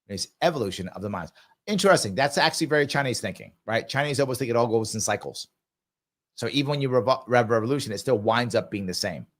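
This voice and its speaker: A man's voice: mid-range voice, expressive, quick pace, a bit bright. A man hosting a live ask-me-anything show, answering viewer comments and telling a travel story in an emphatic, conversational way. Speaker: livestream show host.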